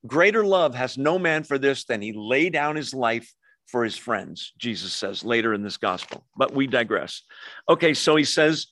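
A man's voice: medium pitch, a little slow, no room sound. A man preaching a sermon and teaching verse by verse, putting questions to his listeners. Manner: expressive preaching, asks the congregation questions. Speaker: pastor.

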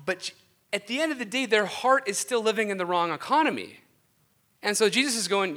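A man preaching a casual, conversational sermon with animated delivery and self-deprecating asides. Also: high voice, brisk.

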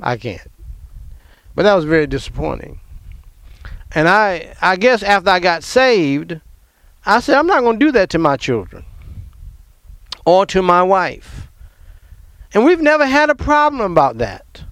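A middle-aged man from the American South, telling a personal family story in an emotional, animated way and laughing often. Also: high voice, unhurried, pauses often, no room sound.

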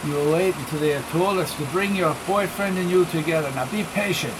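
Curt Spanish-accented henchman voiced by a male narrator, raised pitch, odd hollow tone, clipped threats, audiobook. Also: a little fast, background noise, lightly acted. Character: menacing little male henchman, curt and cold.

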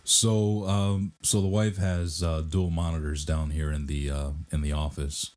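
A man's voice: extremely low pitch, flat delivery, unhurried, darkish tone. A man hosting a casual podcast from a home office, talking in a rambling, joking way with plenty of fillers. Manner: rambling, jokey, many fillers. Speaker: podcast host. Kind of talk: casual chat.

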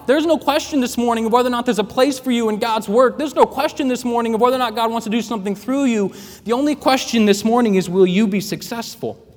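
A man preaching a sermon to college students, with emphatic delivery and dramatic pauses. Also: high-pitched. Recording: long hall reverb.

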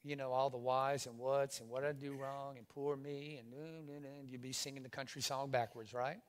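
A male pastor preaching a sermon to his congregation, lively, with call-and-response phrases for the room to repeat. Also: mid-range voice, moderate pace. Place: church in front of a congregation.

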